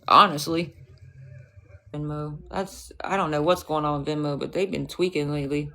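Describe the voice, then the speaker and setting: A woman's voice: low voice, a little slow, pauses often, pushed and bright, a little hiss or hum. Profane, confrontational woman livestreamer. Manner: profane, confrontational, scolding chat. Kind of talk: casual livestream rant.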